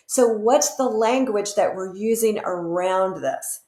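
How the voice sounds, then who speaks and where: A woman's voice: mid-range voice, slow pace, warm tone, roomy sound. A woman guest expert in an interview, explaining earnestly with examples.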